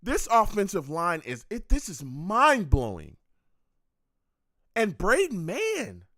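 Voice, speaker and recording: Exasperated man, lively dry sports reaction. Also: high voice, takes it slowly, no room sound. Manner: exasperated, groaning, reads chat comments aloud. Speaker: live game reaction host. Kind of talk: live sports reaction stream.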